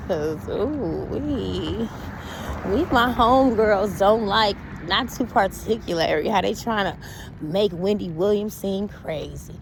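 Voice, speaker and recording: A woman chatting casually on a walk outdoors, reacting to an interview with animated, blunt talk, laughter and swearing. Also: mid-range voice, slow, background noise. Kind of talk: casual chat.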